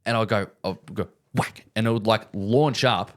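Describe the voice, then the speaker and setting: A man's voice: fairly low pitch, normal speed. A man co-hosting a podcast, telling a long rambling story in casual chat and repeating himself. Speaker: podcast co-host.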